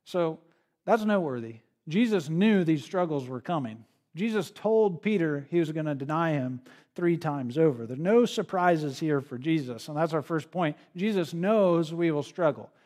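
A man's voice: a little high, expressive, moderate pace, a little mellow. A male pastor preaching an expository sermon in a conversational way, often checking in with the listeners. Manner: conversational, with frequent "right?" tag questions.

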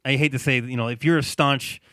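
A man's voice: medium pitch, steady tone, a little fast, a bit bright, no echo, clean studio sound. Emphatic man hosting a movie podcast. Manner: emphatic, laughs often, urges listeners. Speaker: podcast host. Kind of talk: casual movie chat.

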